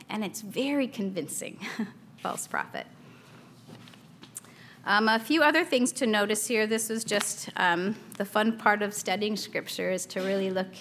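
A woman's voice: medium pitch, fairly bright tone, slight background noise. A woman in her thirties teaching a Bible study in a chatty, casual way, laughing often and acting out a toddler's small voice.

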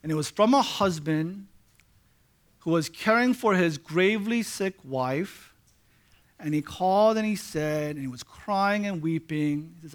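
A man preaching a sermon, conversational with "right?" check-ins, building to loud emphatic peaks. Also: a little high, a little slow. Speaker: pastor.

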